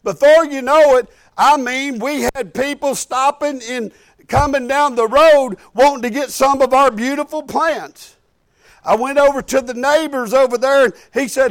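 A high-pitched man with a drawl tells a story from the pulpit in a loose, folksy way. He rambles and doubles back, stringing his account together with "I said" and "he said". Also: moderate pace. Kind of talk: sermon storytelling.

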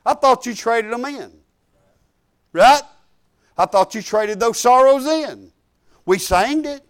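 A woman's voice: on the high side, lively intonation, a little slow, pauses often. A woman pastor, preaching a folksy, emphatic sermon full of hallelujahs.

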